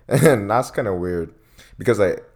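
Young male co-host with a very low voice; easygoing and jokey. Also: a little slow, a little mellow. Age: young adult. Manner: laid-back, playful, teasing banter. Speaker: podcast co-host. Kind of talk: casual chat.

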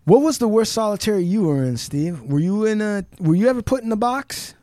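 A man hosting a podcast, casually retelling a life story and reading book passages aloud, dropping low and quiet for the dramatic parts. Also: lively intonation, fairly quick, no echo, studio quality. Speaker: podcast host.

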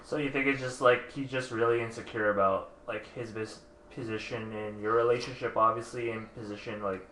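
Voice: mid-range voice, steady tone, fairly quick, pushed and bright. Host chatting casually, nods along with yeah, roomy sounding. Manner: reacts with short agreements, asks probing questions. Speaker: podcast host. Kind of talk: casual podcast chat. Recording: echoey room with faint noise.

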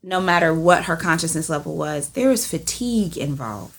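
A woman co-hosting a casual discussion, animated and emphatic, with dramatic pauses. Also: sits low, creaky, husky.

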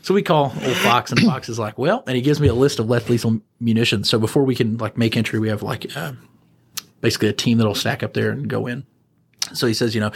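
A man, a former prison officer, telling animated anecdotes on a podcast and chuckling as he acts out what people said. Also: mid-range voice, fast talker, husky. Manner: animated, chuckling storyteller who acts out quotes. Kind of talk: casual anecdote storytelling.

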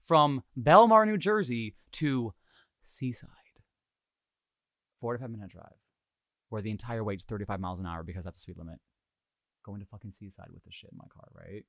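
Animated young man telling stories. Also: lowish voice, moderate pace, pauses often, no echo, studio quality. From Hawaii. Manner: animated, profane, jokey. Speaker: podcast host. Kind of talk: casual storytelling podcast.

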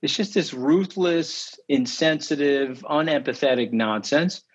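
A man, telling stories in an interview, emphatic and indignant, his pitch leaping high when outraged. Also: unhurried, slightly rough. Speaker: interview guest. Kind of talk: animated interview storytelling. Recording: slightly dull lo-fi audio.

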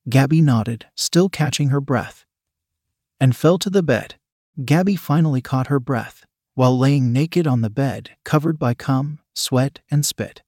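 Male narrator, steady read-aloud, mid-pitched, dry close sound. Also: unhurried, no echo. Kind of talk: scripted narration of an adult story.

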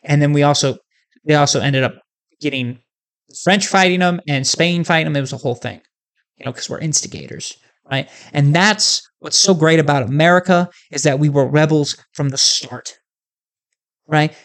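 A male podcast host chats casually and rambles, jokes and fills his talk with "like". His voice sits fairly high for a man. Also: normal speed, a bit bright. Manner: rambling, joking, many fillers.

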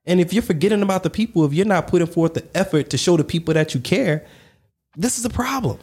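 A man's voice: fairly high pitch, fast, darkish tone. A man co-hosting a casual podcast discussion, talking emphatically and repeating his points to drive them home. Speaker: podcast co-host.

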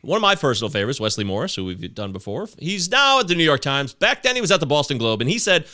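A man hosting a casual podcast chat, reading film reviews aloud and breaking into excited yelps. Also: on the high side, fast, few pauses. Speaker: podcast host.

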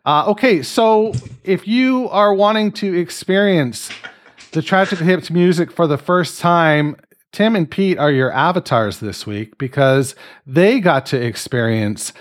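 A man from Canada hosting a casual podcast, chatting in a jokey, playfully wordy way. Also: medium pitch. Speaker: podcast host.

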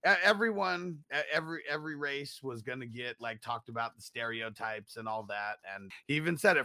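A man hosting a relaxed podcast conversation, his voice bright and forward. He talks loosely, laughs easily and swears without care. The sound is dry and close, with no room around it. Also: medium pitch, fairly quick, hardly any pauses, dry recording. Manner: laid-back, laughs often, swears freely. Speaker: podcast co-host. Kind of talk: casual chat.

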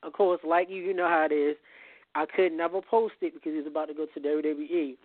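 A man's voice: on the high side, steady tone, fairly quick, no room sound. A man as a podcast guest in casual chat, rambling and repeating words as he goes. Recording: tinny phone-like line.

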